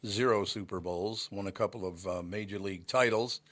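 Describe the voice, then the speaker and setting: A man's voice: on the low side, brisk, a bit bright. A man, a sports broadcaster, chatting casually and sharing old anecdotes. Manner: reminiscing, anecdotal.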